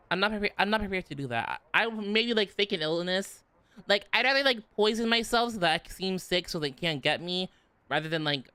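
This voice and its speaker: A man's voice: sits high, bright, forceful tone, smooth, no echo. A man chatting casually on a stream, bubbly and playful, rambling and giggling as he talks from his room at home. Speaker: VTuber streamer.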